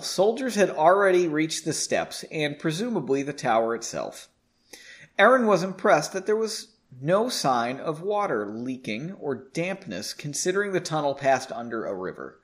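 A man's voice: on the high side, big pitch swings, normal speed. A man reading a fantasy story aloud, breaking in with sarcastic, amused asides. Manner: sarcastic, amused, self-mocking. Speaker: reader of a story.

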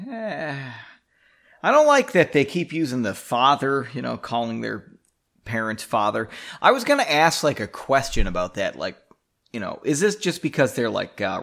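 A man reads his own fantasy chapter aloud, then drifts into loose, self-mocking commentary. His voice sits mid-pitch and swings up and down lively as he talks, and he breaks into laughter at his own writing. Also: creaky. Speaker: author reading his own story. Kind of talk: casual storytelling with rambling commentary.

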